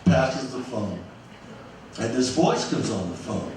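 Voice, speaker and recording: A man telling a story on stage in a small music club, animated and emphatic, acting out the dialogue with others as he goes. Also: medium pitch, slow pace, background noise. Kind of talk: live onstage storytelling. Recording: echoey live club from a distant mic.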